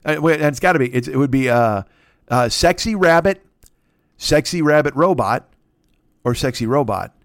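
A man's voice: medium pitch, normal speed, pauses often, no room sound, clean studio sound. Profane rambling male comedy podcaster. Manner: profane, rambling, animated, with frequent restarts. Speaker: podcast host.

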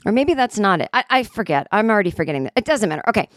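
A woman in her forties tells a long story in casual chat. She rambles, mocks herself and swears freely. Her voice sits at a middle pitch and sounds close and dry, with no room around it. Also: very animated, racing, no room sound. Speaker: comedic storyteller. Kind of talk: casual anecdote telling.

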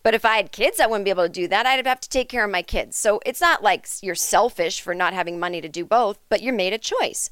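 Woman, comedic podcast rant, sarcastic, profane, animated pitch, dry booth. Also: fast, hardly any pauses, smooth, no room sound. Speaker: podcast host.

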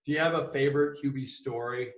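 A man's voice: medium pitch, steady tone. A man interviewing a guest in a conversational, joking way. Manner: conversational, quick to react and joke. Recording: echoey room.

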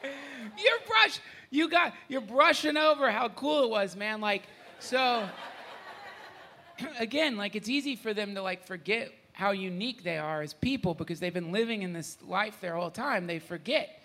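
A man with a high, bright, gravelly voice tells a heartfelt story before a retreat audience. He is animated and laughs often, and at moments his voice thins and breaks with emotion. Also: moderate pace.

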